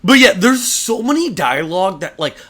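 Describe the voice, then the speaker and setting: A man's voice: high voice, very animated, moderate pace, a bit bright. A man co-hosting a podcast, chatting casually about video games, joking and swearing freely. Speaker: podcast co-host.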